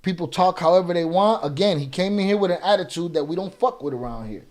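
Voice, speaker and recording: A man's voice: sits high, lively intonation, fast, darkish tone. A man hosting a live reaction stream, talking in a profane, confrontational way with heavy street slang and reading viewer chat aloud. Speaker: livestream reaction host. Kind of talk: casual livestream chat.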